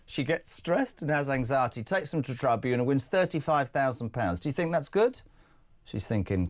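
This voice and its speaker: A middle-aged man hosting a breakfast radio show in a jokey, bantering manner. He talks casually and laughs easily as he reads listener messages aloud. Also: medium pitch.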